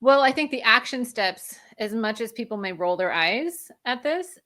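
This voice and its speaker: Brief: woman guest expert, bright, lively explainer, laughs easily. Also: on the high side, normal speed. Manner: energetic, explanatory, laughs often. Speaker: functional medicine practitioner, guest. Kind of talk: interview conversation.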